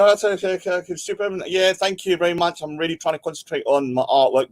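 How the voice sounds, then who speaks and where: A man's voice: on the high side, a little fast, darkish tone. A middle-aged man, casually rambling and joking while he hosts a livestream and reads out chat. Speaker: livestream host.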